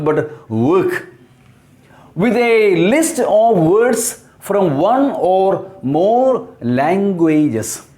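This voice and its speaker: A man teaching English, explaining words slowly, spelling them out letter by letter and repeating key terms. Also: high-pitched, a little mellow. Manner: asks and answers his own questions. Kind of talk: slow explanatory lesson.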